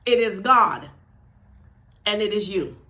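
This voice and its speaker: Woman, spiritual teacher, unhurried, bright forceful voice, repeats herself for emphasis, talks straight to the viewer. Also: medium pitch. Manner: slow and emphatic, repeats key phrases; addresses viewers directly with "right?" and "y'all". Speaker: spiritual channel host. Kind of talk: teaching talk to camera.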